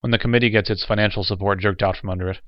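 A man reading the lines of a cool, detached alien man who speaks flatly and matter-of-factly. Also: on the low side, rapid-fire, no room sound, lightly acted. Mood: indifferent. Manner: flat, detached, matter-of-fact. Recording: dull lo-fi recording.

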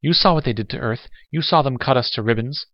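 A man's voice: medium pitch, fast talker, no room sound, highs cut off, voice pushed up, lightly acted. A man voicing a bitter woman from a hospital who speaks harshly and coldly. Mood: icy. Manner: harsh, icy.

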